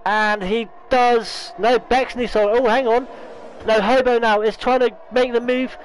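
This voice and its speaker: A man commentating a sim racing league, excitable, correcting himself often, and losing his voice. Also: very high voice, slight background noise, rough recording. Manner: excitable, talks fast with restarts and self-corrections. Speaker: race commentator.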